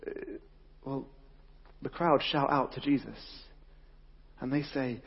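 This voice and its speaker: Excitable husky preacher in a hall. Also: male voice, mid-range voice, slow, long pauses, highs cut off. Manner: excitable, exclamatory, casual slang. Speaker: youth preacher. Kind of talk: energetic sermon.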